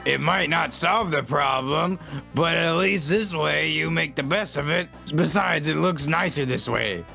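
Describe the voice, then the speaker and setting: Casting: goofy, earnest boyish creature read by a man, gravelly fry in the voice, slightly raised pitch. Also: unhurried, over music. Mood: upbeat. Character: cheerful boyish male electric creature. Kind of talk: casual comic read-aloud.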